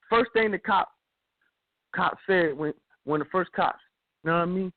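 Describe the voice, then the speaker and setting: Animated man telling a story on tinny radio. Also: sits high, normal speed, dry recording. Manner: animated, repeats himself, acts out the cops' shouting. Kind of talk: casual storytelling. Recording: dry tinny phone-like sound.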